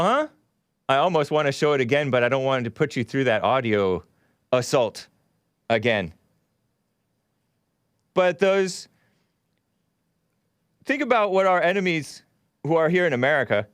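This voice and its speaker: A man's voice: fairly high pitch, expressive, moderate pace, long pauses, fairly bright tone, faint music behind. A man hosting a talk show, giving rambling, sarcastic political commentary with scornful asides.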